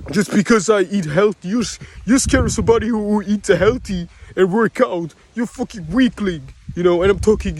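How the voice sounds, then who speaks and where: A man's voice: sits high, a little mellow, husky. A man delivering an angry, profane, rambling vlog rant, mocking others in quoted voices. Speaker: vlogger. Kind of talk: ranting monologue to camera.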